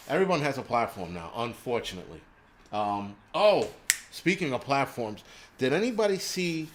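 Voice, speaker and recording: A man's voice: mid-range voice, slight background noise. A man hosting a livestream, ranting crudely and rambling while he answers viewers' chat. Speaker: livestream host.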